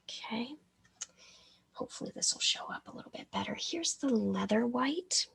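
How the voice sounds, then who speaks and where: A woman's voice: on the high side, lively intonation, moderate pace, creaky, slightly rough. A woman from the American South teaching a live miniature painting class, chatty and often interrupting herself, sometimes mumbling with a brush in her mouth.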